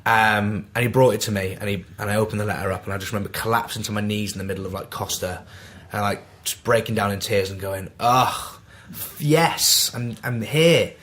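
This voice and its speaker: A man's voice: on the low side, fast talker, hardly any pauses. A man in his twenties with a Manchester accent, telling anecdotes as a podcast guest and acting out the dialogue. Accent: Mancunian. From Manchester, England. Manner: animated, acts out quoted dialogue. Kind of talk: casual anecdotal storytelling.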